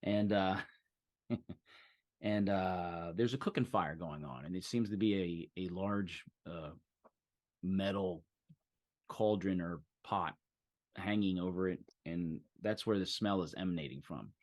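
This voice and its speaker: A man as game master, describing a scene in a halting way with many fillers. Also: low-pitched, darkish tone. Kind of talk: narrating a tabletop game.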